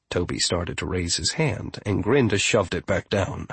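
A man narrating a storybook in a measured, wry manner. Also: deep voice, animated, a bit bright, slightly rough, no room sound. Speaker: audiobook narrator. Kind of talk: scripted narration.

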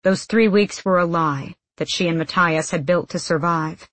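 A woman narrating an audiobook in a measured, even way. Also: lowish voice, dry recording, poor audio.

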